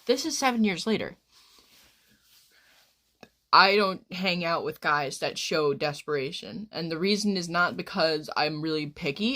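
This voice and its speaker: Brief: twenties woman streamer, slightly low voice, rambling and crude, casual chat. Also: a bit bright. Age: 20s.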